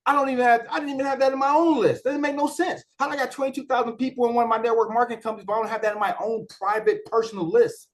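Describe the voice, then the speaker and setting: A man with a notably high-pitched voice delivers a casual training talk on marketing software. He speaks colloquially, repeats his points and leans on rhetorical questions to keep listeners engaged. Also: fairly even intonation, rapid-fire, few pauses. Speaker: network marketer presenting a software walkthrough.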